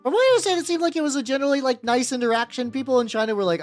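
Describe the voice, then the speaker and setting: A man with a higher-register voice streaming as he paints miniatures, chatting casually with viewers and rambling with lots of "like" and restarts. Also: lively intonation, very fast, soft background music. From United States. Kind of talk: casual livestream chat.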